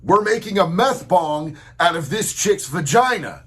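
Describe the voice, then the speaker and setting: A man's voice: sits high, expressive, unhurried, a bit bright. A man answering in a roast, telling blunt, crude stories. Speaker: roast guest.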